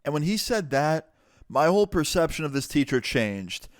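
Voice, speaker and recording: Male vlogger, casual story-time narrator, smooth clear voice, dry close mic. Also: fairly high pitch, big pitch swings, no echo. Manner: chatty, quick to act out people he quotes, lots of "like".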